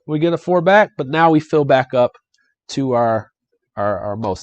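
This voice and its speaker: Medium in pitch and free of room sound, the voice belongs to a young adult man streaming a solo board game. He keeps things chatty and cheerful, addressing viewers and reading the adventure text aloud as casual live-stream commentary.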